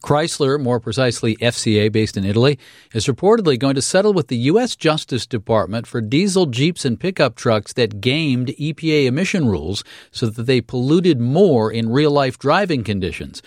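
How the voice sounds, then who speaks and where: A man anchoring a radio business news program, reading headlines briskly and chatting with a lightly wry touch. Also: mid-range voice, lively intonation, dry recording, clean studio sound. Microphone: studio microphone.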